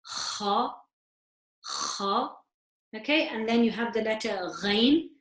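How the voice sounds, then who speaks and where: A woman's voice: fairly high pitch, moderate pace, echoey room. A woman teaching a recitation class over a video call, patiently explaining and demonstrating sounds step by step.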